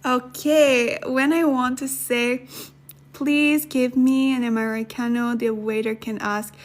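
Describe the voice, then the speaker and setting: A woman's voice: high voice, fairly even intonation. A woman teaching a beginner language lesson on a livestream, chatting with viewers and thanking them as she goes. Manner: chatty, thanks viewers, reads sentences slowly then fast.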